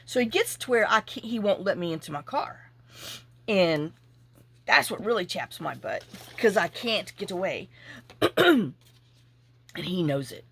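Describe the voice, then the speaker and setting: A woman hosting a crafting vlog, chatting casually and telling a rambling, animated story with asides while she works. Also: mid-range voice, measured pace, creaky, long pauses, breathy edge. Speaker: junk journaling channel host.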